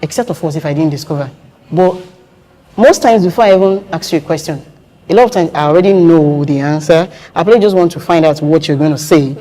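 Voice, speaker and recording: A woman's voice: deep voice, fast talker. A woman telling stories in a casual conversation, acting out the voices she quotes. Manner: animated storytelling, acts out quoted voices.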